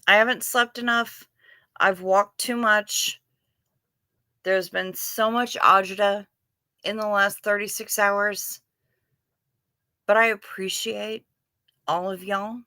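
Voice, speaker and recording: Woman streamer chatting slow and wry, bright voice, dead dry sound. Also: mid-range voice, fairly even intonation, clean tone, dry recording. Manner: chatty, wry, self-deprecating. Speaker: livestream host. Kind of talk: casual livestream chat reading chat.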